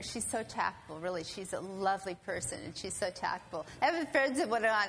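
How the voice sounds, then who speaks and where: A woman telling a personal story to an audience, animated and acting out other people's voices. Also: medium pitch, brisk, few pauses, slight background noise. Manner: animated, acts out quoted voices. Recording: long hall reverb, faint ambience.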